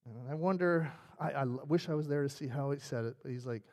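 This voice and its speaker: A man's voice: mid-range voice, fast, few pauses, a little mellow. A male pastor preaching a sermon in a conversational, storytelling way. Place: church sanctuary. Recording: reverberant church sanctuary.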